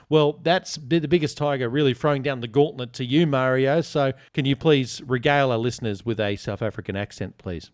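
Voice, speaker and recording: An Australian man hosts a podcast in relaxed, teasing banter. He reads listener reviews and ribs his co-hosts. His voice is close and dry, with no room sound. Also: mid-range voice, normal speed, hardly any pauses, dry recording. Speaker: podcast host.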